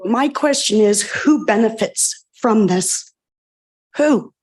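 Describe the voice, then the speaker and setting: A woman's voice: on the high side, lively intonation, slow, darkish tone. A woman resident giving an emotional, passionate comment at a public planning meeting, repeating pointed questions into a standing microphone.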